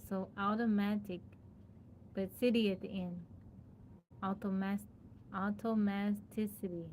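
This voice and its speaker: A woman with a twang chats on her live stream in a middle-pitched voice, playful and quick to laugh. She keeps sounding out one tricky word, syllable by syllable. A faint hum sits behind her voice. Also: fairly even intonation, a little mellow. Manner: playful, laughs often, thanks viewers by name; sounds out a hard word again and again. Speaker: livestreamer. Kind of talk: casual live-stream chat.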